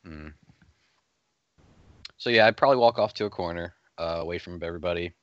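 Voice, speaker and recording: A man's voice: low voice, brisk, no room sound, lo-fi sound. A man playing a tabletop game, hesitant with many fillers. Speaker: player. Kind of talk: casual tabletop play.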